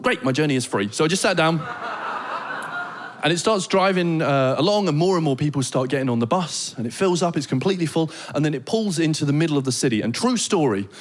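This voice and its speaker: British guy doing standup, highish voice, swears a lot, acts out the crowd. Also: slight background noise. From Britain. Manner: animated storytelling, swearing, acting out crowd shouts. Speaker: stand-up comedian. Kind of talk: stand-up comedy set. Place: theatre stage before a laughing audience.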